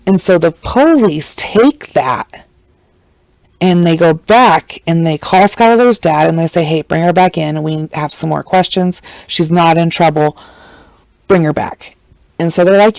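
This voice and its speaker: A woman's voice: unhurried, a little mellow, no room sound, low-quality recording. A woman, hosting a podcast, retelling a true-crime case in casual, blunt storytelling and acting out the people she quotes. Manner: chatty, acts out quotes with shifting pitch; blunt and irreverent. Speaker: podcast host.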